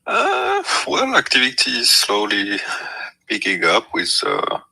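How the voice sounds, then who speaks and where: A man's voice: mid-range voice, wildly swooping pitch, unhurried, vocal fry, sharp tone, slightly rough, rough recording. A man who moderates an online community, chatting casually in an easygoing, hesitant way. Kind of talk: casual chat.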